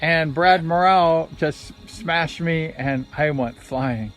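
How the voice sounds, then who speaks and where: A man's voice: on the high side, slow, a bit bright, faint music behind. A man and former motorcycle racer telling a story in a rambling, conversational way, sometimes correcting himself. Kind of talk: casual storytelling vlog.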